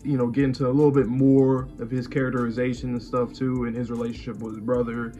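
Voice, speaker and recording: A man's voice: medium pitch, level tone, fast, warm tone, lo-fi sound, faint music behind. A man co-hosting an anime reaction show, talking in a loose, rambling way with lots of fillers. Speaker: co-host of an anime reaction channel. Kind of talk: casual chat.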